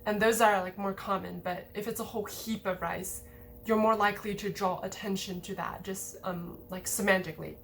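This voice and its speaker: A woman's voice: medium pitch, fairly even intonation, moderate pace, a bit bright. Chatty woman teaching over faint hum. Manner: chatty, many fillers like "um" and "like". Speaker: language teacher. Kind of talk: casual explanatory lesson over slides.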